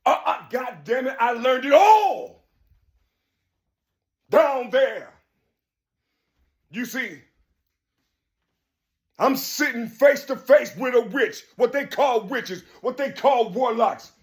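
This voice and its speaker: A man in his fifties speaks alone at home in a forceful, sermon-like rant. His voice sits very high for a man and keeps swelling into shouts. He hammers his points home by repeating himself emphatically. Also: animated, slow pace, long pauses. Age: 50s. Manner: emphatic, preachy, repeats "you see", bursts into shouting. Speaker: video blogger. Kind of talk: solo monologue rant.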